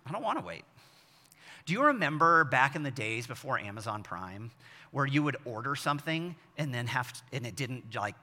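Pastor, man in his forties, bright forceful voice, self-deprecating storyteller, long hall reverb. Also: medium pitch, very animated, moderate pace. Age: 40s. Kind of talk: sermon. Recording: long echo of a large hall.

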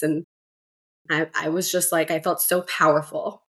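A young woman, a mother and doula, telling her story in a relaxed way, full of fillers, as a podcast guest. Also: lowish voice, brisk. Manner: relaxed, filler-heavy, many "like"s. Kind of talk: casual storytelling interview.

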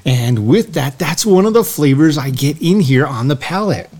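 A man's voice: a little high, animated, moderate pace, darkish tone. A man co-hosting a casual podcast, describing a scotch's taste in lingering, descriptive detail. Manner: lingering, descriptive tasting talk. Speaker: podcast co-host. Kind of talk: casual chat.

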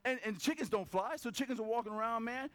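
A man's voice: extremely high pitch, fast talker. A male pastor preaching a casual sermon, telling stories and acting out voices as he goes. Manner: animated storytelling, acts out voices.

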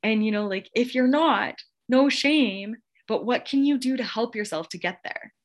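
A woman in her thirties hosts a podcast in a fairly high voice at normal speed. Her casual monologue is gushing and motivational, and she laughs often.

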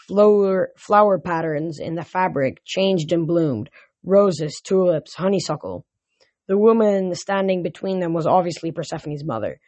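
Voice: medium pitch, darkish tone, no room sound. A reader narrating an audiobook chapter in a plain voice, with occasional slips and restarts.

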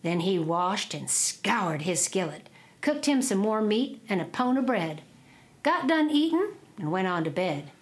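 A woman spins an old folk tale aloud. Her drawling delivery rises and falls with lively, animated pitch. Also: a little slow. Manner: drawling, expressive oral telling. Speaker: storyteller.

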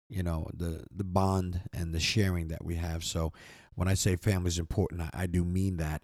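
A man's voice: low voice, a little mellow, no room sound, studio quality. A man hosting a podcast, talking in an earnest, rambling way, often repeating words as he gathers his thoughts. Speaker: podcast host. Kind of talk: heartfelt podcast sign-off. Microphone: close microphone.

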